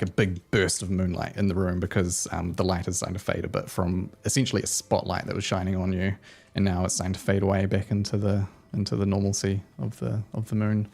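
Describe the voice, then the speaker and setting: A man with a very low, gravelly voice narrates a tabletop fantasy game as game master. He describes the scene in loose, meandering phrases, pausing on fillers as he builds the picture. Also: darkish tone. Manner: descriptive narration with frequent ums and likes.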